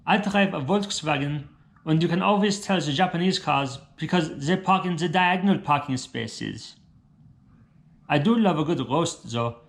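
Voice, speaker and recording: A man's voice: on the high side, close to an everyday voice. A man voicing a folksy, upbeat male math teacher with a Wisconsin accent. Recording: roomy echoing room.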